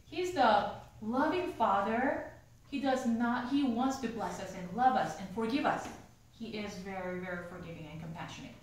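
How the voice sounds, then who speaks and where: A woman lecturer teaching a university theology class, telling stories with animated delivery, laughing often and asking the class questions. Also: medium pitch. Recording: echoey room, mic from far off, faint hum.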